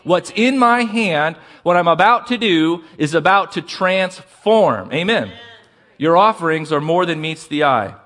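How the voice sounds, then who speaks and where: Man, pastor, high voice, sermon, asks the crowd for amens. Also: animated, unhurried, a bit bright. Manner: preaching with call-and-response questions to the congregation.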